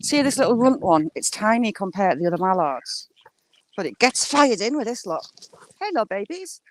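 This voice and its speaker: A woman chatting casually on a walk by the water, filming on a handheld phone and cooing at ducks in a high sing-song voice. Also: big pitch swings, fairly quick. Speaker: vlogger. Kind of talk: casual walking vlog. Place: outdoors by water.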